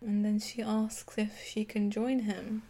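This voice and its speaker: A woman co-hosts a casual recap podcast, her voice sitting in an ordinary middle pitch. She talks with a sarcastic, giggly edge and swears freely as she picks apart each scene. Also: little pitch movement, a little slow, dark tone. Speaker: podcast co-host.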